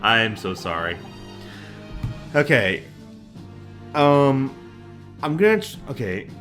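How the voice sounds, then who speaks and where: A man's voice: mid-range voice, sing-song, slow, fairly bright tone. A man hosting a blind let's play, chatting casually and apologizing for his character voices. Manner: self-deprecating, apologetic. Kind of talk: casual gameplay commentary. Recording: faint game music underneath.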